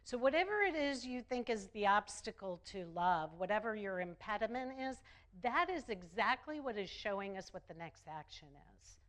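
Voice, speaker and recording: A woman minister delivering a sermon, slow and emphatic, repeating phrases for effect. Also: medium pitch, big pitch swings, fairly bright tone.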